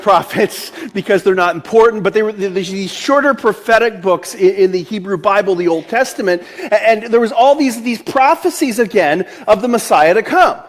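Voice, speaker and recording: A man preaching a conversational sermon as pastor, chatty and joking, often restarting his sentences. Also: high voice.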